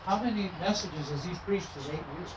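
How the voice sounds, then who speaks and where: His voice sits high and his delivery is brisk as this middle-aged traveling minister narrates stories within a sermon, acting out the conversations with animation. The recording, made in a church sanctuary, is roomy, distant, and noisy enough to sound muffled.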